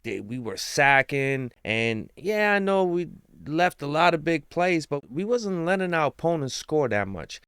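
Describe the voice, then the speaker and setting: A man talks through his team's chances in a casual, rambling, slangy way that swings between excitement and hushed asides. His voice is smooth and resonant. The recording is close and dry, with almost no room sound. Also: on the high side, measured pace, no room sound. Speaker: sports commentator. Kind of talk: casual fan commentary.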